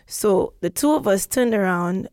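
A woman podcast host telling a story in casual chat, animated and acting out the voices she quotes. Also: medium pitch, unhurried, smooth, dry recording, studio quality. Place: London.

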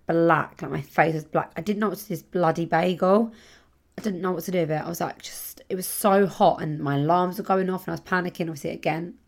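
Chatty woman with a gravelly low voice. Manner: chatty, rambling, self-mocking, laughs often. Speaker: podcast host. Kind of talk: casual solo podcast chat. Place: home.

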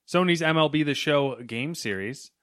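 A man co-hosting a casual podcast, dry and deadpan, reading out news items between chat. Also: on the high side, moderate pace. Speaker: podcast co-host.

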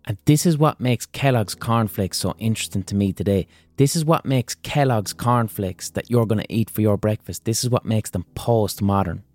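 A man hosting a podcast, delivering a comedic monologue with profane, animated ranting. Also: on the low side, normal speed, few pauses, no echo. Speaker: podcast host.

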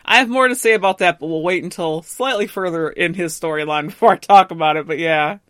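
A woman's voice: lowish voice, fast, no echo, studio quality. A woman co-hosting a podcast, casually retelling a story with frequent laughs. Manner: chatty storytelling, laughs often. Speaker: podcast co-host. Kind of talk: casual chat.

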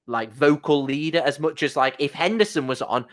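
Young man, co-host, casual football chat, sweary, animated. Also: on the high side, moderate pace. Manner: animated, swearing, trailing restarts. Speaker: podcast co-host.

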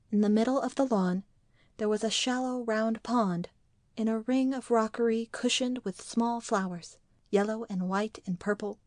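A woman narrating an audiobook in a measured, quiet way. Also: mid-range voice, no room sound, studio quality.

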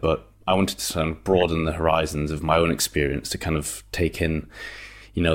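A man speaking as a guest on a podcast, thoughtful and hesitant, with many fillers. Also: a bass voice. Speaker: guest author. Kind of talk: interview conversation.

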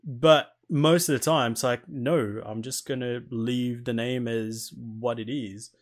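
A man in casual gaming chat, relaxed and rambling, laughing easily. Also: medium pitch, a little slow.

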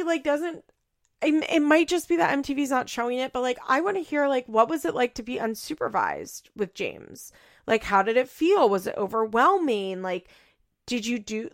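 A woman's voice: medium pitch, no room sound. Woman, casual recap talk, chatty, opinionated, laughs often, dry close sound. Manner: chatty, laughing, animated quoting. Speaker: reality TV recapper.

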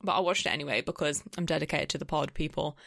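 Woman, casual podcast chat, slightly low voice, dry sound. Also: gravelly, fairly bright tone, no echo. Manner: chatty, swears casually, quick asides. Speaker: podcast co-host. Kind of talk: casual film review chat.

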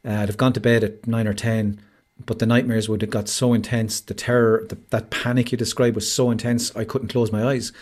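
A man's voice: fairly low pitch, flat delivery, a little fast, a little mellow. An Irish man, a podcast guest, telling his story openly and earnestly over a video call, with lots of "like" and "you know". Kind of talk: candid conversational interview.

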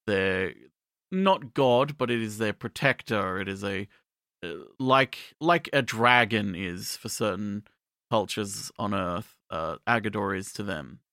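Podcast co-host, man, low and bright voice, measured explainer who hedges. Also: lively intonation, no room sound, clean studio sound. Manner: measured, hedging with "like" and "I mean". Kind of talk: casual chat, explaining.

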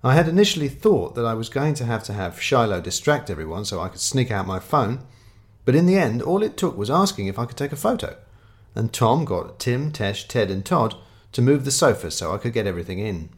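A man's voice: mid-range voice, big pitch swings, fairly quick. A man narrating a comic story in a dry, wry, understated way. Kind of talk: scripted audiobook narration.

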